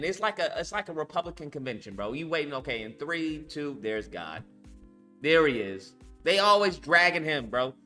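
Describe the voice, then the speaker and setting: A man's voice: fairly high pitch, bright, forceful tone. A man hosting a reaction commentary, talking bluntly and mockingly with lots of profanity. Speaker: commentary host reacting to a video.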